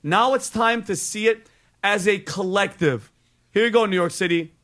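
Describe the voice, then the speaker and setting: A man's voice: high-pitched, moderate pace, a bit bright. A man commenting sarcastically while introducing a video clip.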